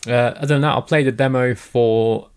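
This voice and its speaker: A man's voice: mid-range voice, fairly even intonation, brisk, clean tone. A man with an English accent co-hosting a podcast in casual chat, joking, laughing often and repeating himself. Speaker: podcast co-host.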